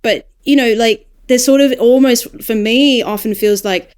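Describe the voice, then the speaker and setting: An Australian woman, a podcast guest, talking in a casual, animated, thoughtful way and laughing now and then. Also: a little high, moderate pace, smooth. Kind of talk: casual panel discussion.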